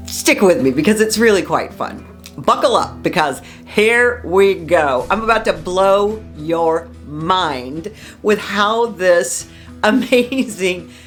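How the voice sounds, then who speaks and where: Woman vlogger, from Southern California, lively swooping pitch, excitable and gushing, faint music underneath. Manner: gushing, animated, repeats words for emphasis. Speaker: local history vlogger. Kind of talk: enthusiastic casual vlog.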